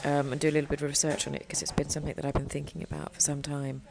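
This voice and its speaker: A woman's voice: sits low, level tone, racing, creaky, a little mellow. An English woman hosting a show, chatting casually and rambling with lots of fillers and hedges. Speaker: host. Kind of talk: casual radio chat.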